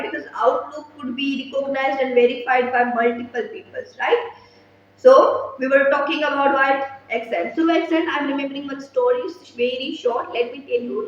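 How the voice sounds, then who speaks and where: A woman giving a spoken lesson, earnest and advisory, often checking in with "okay?". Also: high-pitched. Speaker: English teacher. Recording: roomy echo, distant mic, muffled.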